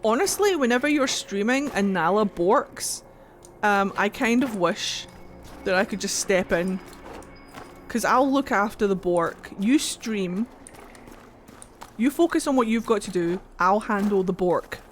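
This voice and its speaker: A woman's voice: mid-range voice, lively intonation, measured pace, slight background noise. A Scottish woman chatting and joking playfully while she streams a video game, swearing now and then. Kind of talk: casual game commentary.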